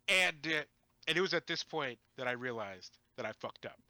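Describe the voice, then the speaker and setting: A man telling a story from his tabletop game as a podcast guest, animated and rambling with restarts. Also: a little high, a little fast, dry recording. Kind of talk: casual storytelling chat.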